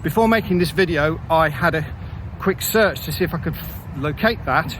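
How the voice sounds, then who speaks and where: A man casually telling a story about his own life, with wry, self-deprecating asides and frequent pauses and fillers. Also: a little high, fairly bright tone, slight background noise, low-quality recording. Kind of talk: casual first-person storytelling.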